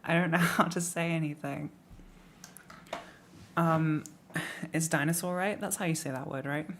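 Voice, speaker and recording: Reacting to tips on stream, this young English streamer from the Midlands rambles on, pokes fun at himself and laughs frequently. The voice is mid-range, steady and fairly bright, unhurried in pace, over slight background noise.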